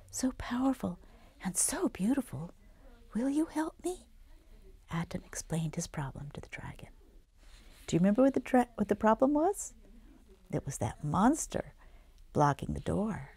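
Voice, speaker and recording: A woman reading her own children's book aloud, dramatic and dropping into hushed whispers. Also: lowish voice, gravelly, husky, no echo. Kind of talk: storybook read-aloud.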